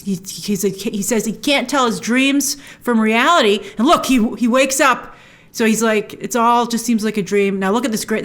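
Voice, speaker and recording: A woman's voice: on the high side, a bit bright. A woman hosting a trailer breakdown, chatting enthusiastically with lots of restarts. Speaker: host.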